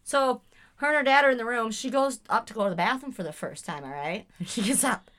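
A young woman co-hosting a podcast, telling a funny story in a giggly, animated way and acting out the voices. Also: fairly high pitch, fast. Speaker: podcast co-host. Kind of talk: casual chat.

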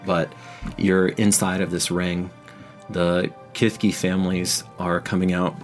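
A man narrating a tabletop game as game master in a dramatic, unhurried way, with frequent restarts. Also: low-pitched.

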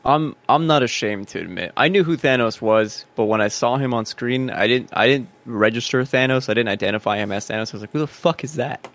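A man co-hosting a casual movie review podcast, relaxed and candid in his comments. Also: medium pitch, fairly quick, few pauses. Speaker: podcast co-host.

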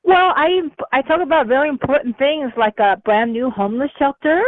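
A woman from New Mexico calling into a talk show, talking in an excitable, scattered way. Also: high-pitched, a little fast, dry recording. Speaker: caller. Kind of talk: phone-in call. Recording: phone line.

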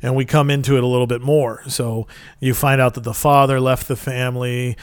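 A man's voice: mid-range voice, level tone, fairly quick, smooth, no room sound. A man telling stories in casual chat, rambling and enthusiastic with plenty of fillers.

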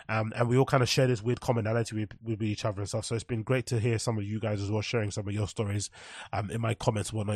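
A man's voice: medium pitch, no echo, clean studio sound. A man hosting a solo podcast, rambling casually and swearing freely as he reads messages aloud. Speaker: podcast host.

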